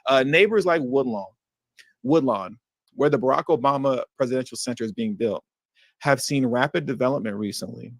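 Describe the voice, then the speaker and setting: A man hosting a livestream, reacting to news clips with animated, indignant commentary that slips into slang. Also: mid-range voice, normal speed, vocal fry, no room sound, studio quality. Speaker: livestream host.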